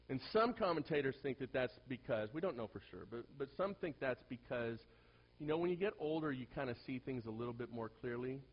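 A male pastor preaching to a congregation and telling personal stories, swinging from hushed asides to loud, animated bursts. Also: mid-range voice, dull audio. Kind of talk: sermon with personal storytelling.

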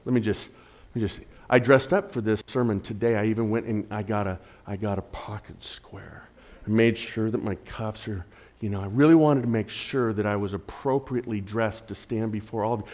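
With a fairly low-pitched voice and a fairly quick pace, a middle-aged pastor gives a conversational sermon laced with humor, playful asides, and rhetorical questions. His delivery swings dynamically from loud and emphatic to soft.

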